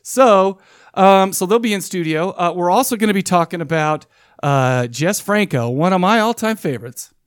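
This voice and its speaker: A man's voice: sits high, lively intonation, normal speed, smooth, dry recording, clean studio sound. Rambling, jokey male podcast host. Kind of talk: casual chat.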